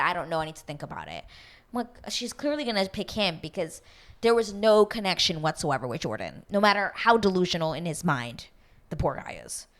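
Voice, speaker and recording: A woman hosting a reality TV recap, chatting casually in a gossipy, animated way, swearing freely and acting out what the cast members said. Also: lowish voice. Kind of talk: casual chat.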